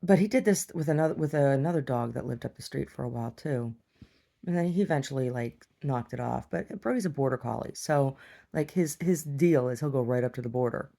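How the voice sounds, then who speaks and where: Gravelly lady just rambling on in her video diary, chatty, lots of restarts. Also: very deep voice, brisk, warm tone. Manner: chatty, meandering, frequent restarts and sighs. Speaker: video diarist.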